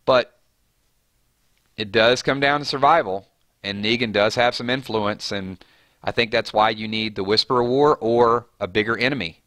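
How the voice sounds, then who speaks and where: A man hosting a live fan commentary stream, animated and argumentative in a conversational way. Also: lowish voice, moderate pace, no echo. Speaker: host.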